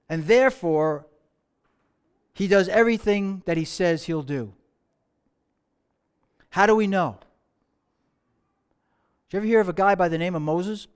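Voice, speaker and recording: High, smooth-voiced male preacher. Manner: slow dramatic pauses, dropping to soft tones. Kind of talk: sermon with storytelling.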